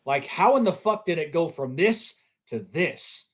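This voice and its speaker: A man's voice: a little high, expressive, measured pace. A middle-aged man hosting a podcast, rambling and swearing in casual chat. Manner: rambling and profane. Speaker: podcast host.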